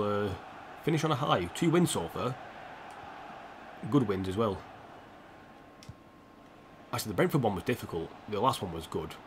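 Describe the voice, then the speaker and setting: A man's voice: fairly low pitch, a little hiss or hum. A young man live-streaming a football game, rambling and opinionated, swearing freely as he plays. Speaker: gaming streamer.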